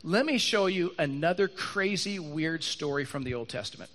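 A man preaching a sermon to a room and an online audience, animated, acting out Bible characters and repeating lines for emphasis. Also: on the high side, moderate pace. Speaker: pastor. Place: church hall with live audience and online stream.

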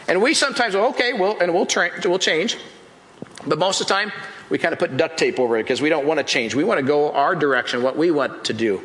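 A man with a high, bright voice delivers a relaxed, storytelling sermon. He slips into playful voices for the characters as he goes, and the sound bounces around an echoey room. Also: quick pace. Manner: animated, acts out Bible scenes in voices. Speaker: pastor. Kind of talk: casual sermon.

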